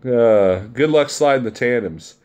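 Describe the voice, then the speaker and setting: A male truck driver talks loosely to his live-stream viewers, reading their comments aloud and answering them head-on. He is blunt and chummy, and he laughs easily between remarks. His voice sits at an ordinary middle pitch for a man. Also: expressive, a little slow, darkish tone, clear, resonant tone. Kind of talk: casual live-stream chat.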